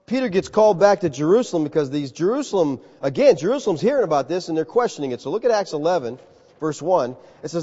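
A man preaching a sermon in an animated, conversational way, calling his listeners folks. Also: on the high side, fast talker. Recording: reverberant hall, slightly dull sound.

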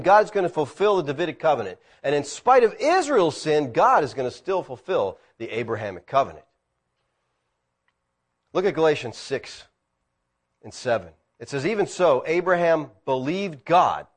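A middle-aged man preaching from the pulpit, his pitch leaping high on emphatic lines and dropping low for quiet asides. He sits a little high for a man, with a very lively, expressive delivery. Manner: preaching with swings between loud emphatic peaks and low asides. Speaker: pastor. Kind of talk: sermon.

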